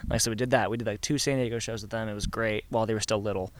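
Fast-talking, clear-voiced young man. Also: fairly low pitch. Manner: animated, acts out other people's lines. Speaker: band singer. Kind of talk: casual storytelling in an interview.

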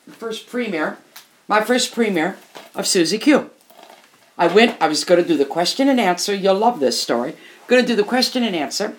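Her voice is fairly low in pitch. She's an older musician and interview guest who tells candid stories emphatically, frequently repeating phrases for emphasis.

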